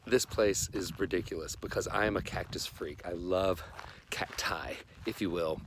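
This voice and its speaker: A man's voice: deep voice, moderate pace, slight background noise. A man hosting a casual vlog outdoors in a desert park, talking in a chatty, enthusiastic, rambling way. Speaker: vlog host and touring singer.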